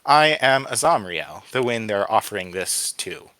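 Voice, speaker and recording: A man's voice: lowish voice, sing-song, measured pace, pushed and bright, no room sound, heavily acted. A man voicing a sly, ancient male wind spirit with a small voice, talking in a candid, wheedling way in a read-aloud story.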